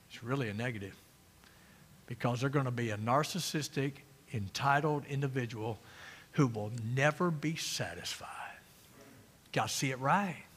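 A middle-aged man preaching an emphatic sermon as pastor, swinging between loud and quiet. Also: a little high. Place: church sanctuary. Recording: long reverb of a church hall.

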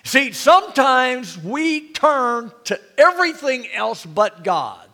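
A man's voice: very high voice, very animated, takes it slowly, hardly any pauses, pushed and bright, in a large hall. A man pastor preaching a sermon in a church, full of rhetorical questions and calls for amen.

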